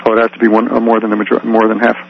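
A man's voice: lowish voice, completely flat delivery, racing, vocal fry, lo-fi sound, a little hiss or hum. A man taking the roll at a phone meeting, talking hesitantly with many fillers. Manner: hesitant, many uhs and ums. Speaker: committee secretary.

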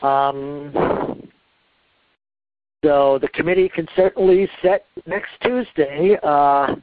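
A man chairing a committee meeting, relaxed and loose, with many fillers and pauses. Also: a little high, no echo. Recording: dry phone-line audio.

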